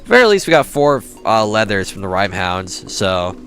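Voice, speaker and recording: A man's voice: on the low side, very animated, moderate pace, fairly bright tone, faint music behind. A young man casually commenting while playing a video game, swearing often and grumbling at the game. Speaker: gaming YouTuber. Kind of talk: casual let's-play commentary.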